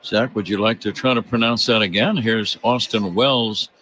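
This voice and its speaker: A man calling a baseball game on radio as play-by-play announcer, in a steady, genial, informative manner. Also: on the low side, normal speed, slight background noise.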